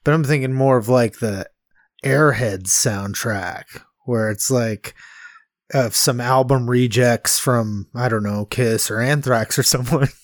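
A man's voice: medium pitch, unhurried, no echo. Rambling man with a dry close sound. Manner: rambling, laughs often, acts out quotes. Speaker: podcast co-host. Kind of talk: casual movie review chat.

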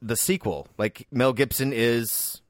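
A man's voice: medium pitch, fairly even intonation, takes it slowly, no room sound, clean studio sound. A man co-hosting a casual movie podcast, rambling with lots of filler words and restarts. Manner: rambling, hesitant, many fillers. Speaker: podcast co-host. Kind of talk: casual movie-discussion banter.

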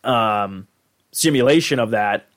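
A man's voice: lowish voice, expressive, takes it slowly, a bit bright. A man hosting a podcast, giving a casual rambling recap full of fillers and restarts. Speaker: podcast host.

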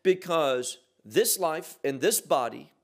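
A middle-aged man teaching a Bible passage verse by verse, slow and deliberate, stressing key words with sharp rises and drops. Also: fairly high pitch, lively intonation.

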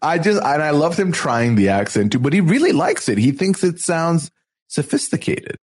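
A man co-hosting a podcast in relaxed, chatty conversation. His pitch swings widely as he talks, and he pokes fun at himself along the way. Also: normal speed, slightly rough. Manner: animated, chatty, self-deprecating. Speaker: podcast co-host. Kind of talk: casual chat.

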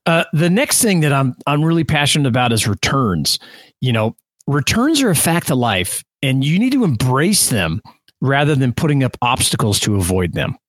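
A man co-hosting a casual business podcast, talking through his ideas with lots of quick restarts. His voice moves up and down a lot, and the recording sounds dry and close. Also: mid-range voice, no echo. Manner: lively, restarts often, explains with examples. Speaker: podcast co-host.

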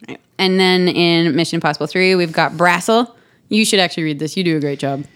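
Chatty woman podcast co-host, lower voice. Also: clean tone. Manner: chatty, laughs often, quick asides. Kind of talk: casual chat.

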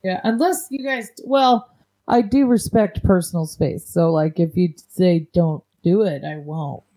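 A woman co-hosting a casual podcast chat from home, talking in a rambling, halting way. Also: lowish voice, mellow, dry recording, poor audio. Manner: rambling, halting, full of "like" fillers. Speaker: podcast co-host. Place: home, recording remotely.

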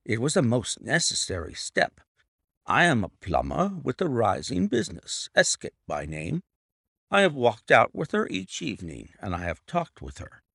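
A man's voice: medium pitch, huge pitch swings, moderate pace, creaky, fairly bright tone, breathy edge, dry recording, studio quality, heavily acted. A man reading as a cool, assured detective. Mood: amused. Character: cool, confident male detective, calm and unflappable. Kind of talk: audiobook reading.

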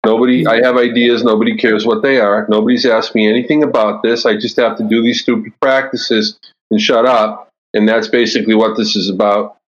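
A man's voice: fairly low pitch, little pitch movement, a little fast, lo-fi sound, close to an everyday voice. A man voicing a blunt, angry male coworker in a retold story, speaking curtly and bitterly. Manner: bitter, curt.

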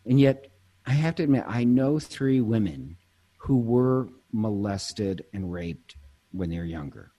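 A man's voice: on the low side, expressive, measured pace, warm tone. A man, a priest, chatting casually and telling stories, breaking off mid-sentence and laughing easily. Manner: storytelling, self-interrupting, laughs easily. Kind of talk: casual conversation.

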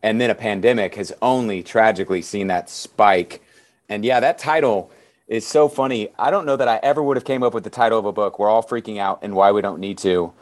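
Earnest low-voiced man telling stories. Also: fairly quick. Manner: earnest, animated storyteller. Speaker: pastor and author, podcast guest. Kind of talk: conversational interview.

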